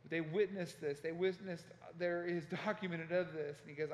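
A man preaching a sermon as pastor, telling a story with passion and acting out shouted quotes. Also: fairly high pitch, fairly even intonation, moderate pace, a little hiss or hum. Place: church sanctuary. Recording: echoey church hall.

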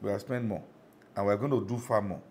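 A man's voice: lowish voice, a little fast, a little mellow, a little hiss or hum. A middle-aged Nigerian man preaching a sermon as pastor, emphatic, often asking the congregation if they follow.

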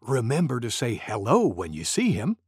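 A man reading a storybook aloud to preschoolers in an expressive, playful way. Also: mid-range voice, normal speed. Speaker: storybook narrator.

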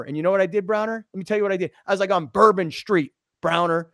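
An excitable male sports radio host spins a story with lots of energy. His voice sits fairly high, and the sound is dry and close. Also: fast, no room sound. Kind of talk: casual sports talk storytelling.

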